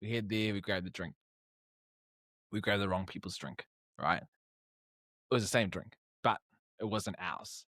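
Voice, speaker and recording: This podcast guest, a young man with a Kiwi accent, speaks at a fairly low pitch, unhurried and pausing often. He chats casually through his stories, animatedly voicing the characters' dialogue, captured in a dry, clean studio recording.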